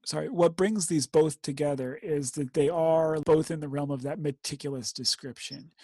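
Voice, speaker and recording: A man reading war poetry aloud with slow, measured emphasis, then discussing it casually as a podcast co-host. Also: fairly high pitch, mellow, husky, no room sound.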